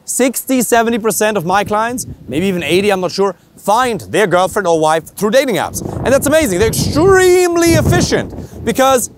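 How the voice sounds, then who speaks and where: A man's voice: high voice, animated, normal speed, slight background noise. A man with a German accent, a dating coach giving a blunt, emphatic talk to camera, full of rhetorical questions. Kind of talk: direct-to-camera coaching monologue.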